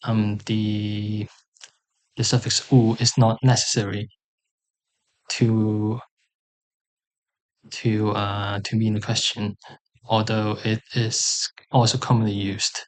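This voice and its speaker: A man teaching a language lesson, sounding out example words slowly and carefully, with pauses and fillers. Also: fairly low pitch, little pitch movement.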